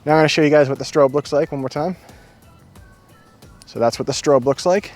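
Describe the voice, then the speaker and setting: A man with a New England accent talks through a gear review in a relaxed, folksy way, full of enthusiasm. He is recorded outdoors at night by the woods. Faint music plays softly underneath. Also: a little high, fairly quick. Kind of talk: casual outdoor product review.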